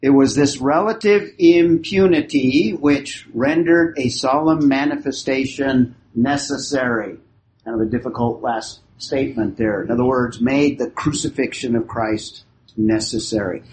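A man's voice: mid-range voice, a little slow, a little mellow. A man teaching a Bible class, who asks his group questions, repeats their answers and leans hard on key phrases. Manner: emphatic, stretches key phrases. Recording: roomy hall recording, faint hiss.

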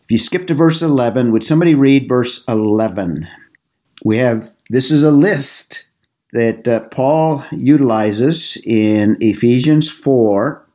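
A middle-aged man teaching a Bible study class, explaining passages in a measured way with some halting restarts. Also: medium pitch, dark tone.

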